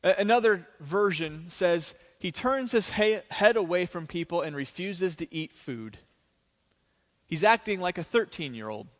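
A man preaches to a church congregation, his voice riding high as he tells the story with animated energy. Each phrase rings out and trails off in the long reverb of a large sanctuary. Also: a little slow. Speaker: pastor. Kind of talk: sermon.

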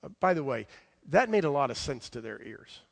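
Animated male preacher telling a story. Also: mid-range voice, a little fast, creaky. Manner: animated storytelling, swinging from loud emphasis to soft asides. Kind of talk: sermon.

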